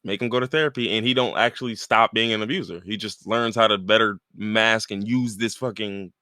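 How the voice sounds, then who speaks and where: A young man co-hosting a casual podcast, animated and laughing often, reading out posts in mocking voices. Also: on the low side, fairly quick, dry recording, clean studio sound. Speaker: podcast co-host. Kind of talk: casual chat.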